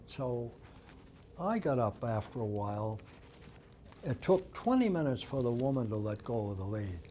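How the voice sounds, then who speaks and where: Older man, dog-behavior speaker, unhurried storyteller with a mellow tone. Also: mid-range voice, a little hiss or hum. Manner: anecdotal, acts out quoted dialogue. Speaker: dog behavior expert giving an author talk. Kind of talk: storytelling talk.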